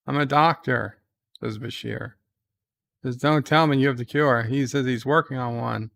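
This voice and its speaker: A man giving casual live commentary on a TV episode, loosely recapping scenes and reading viewer chat questions aloud, thinking out loud as he answers. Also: mid-range voice, steady tone, moderate pace, gravelly, dry recording. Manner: thinks out loud with fillers and restarts.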